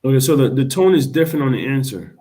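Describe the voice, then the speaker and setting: A man who is a student in a language class, asking a careful question in halting phrases. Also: mid-range voice, big pitch swings, warm tone.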